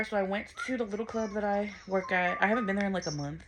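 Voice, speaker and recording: Young American woman vlogger, mid-pitched, casual, blunt, profane, faint background noise. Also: fast talker, few pauses. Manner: chatty, blunt, swears freely, lots of "like". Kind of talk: casual vlog chat to camera.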